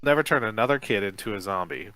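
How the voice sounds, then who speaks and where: A brave, commanding uncle from a children's gamebook, voiced by a man reading aloud. His low, bright tone is recorded dry and close to the mic. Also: quick pace, clear, resonant tone, dry recording, natural voice, poor audio. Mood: determined. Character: brave adult male uncle, determined.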